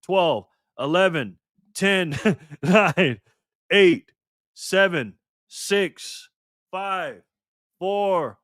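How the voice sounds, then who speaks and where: A man's voice: high voice, lively intonation, drawn-out words, pauses often, fairly bright tone, dry recording, studio quality. A man hosting a casual live stream, laughing often and bantering with his chat as he reads their comments.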